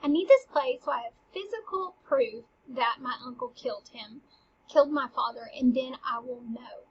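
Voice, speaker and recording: High-voiced woman explaining a play casually. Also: normal speed, husky. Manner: lively, slangy paraphrase mixed with dramatic reading. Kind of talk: casual lecture paraphrasing a play. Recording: dull lo-fi recording.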